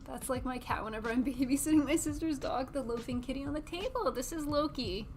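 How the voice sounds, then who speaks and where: A woman's voice: sits high, fairly quick, over music. A woman around thirty chatting casually on a livestream while building model kits, cooing at her cats and often dropping into a whisper. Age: about 30.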